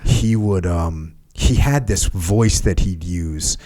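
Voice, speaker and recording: A middle-aged man hosting a podcast, telling stories in a casual, animated way and laughing often as he talks. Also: low-pitched, slow pace. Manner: animated retelling, laughs often, reads a passage aloud. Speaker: podcast host. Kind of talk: casual conversational storytelling.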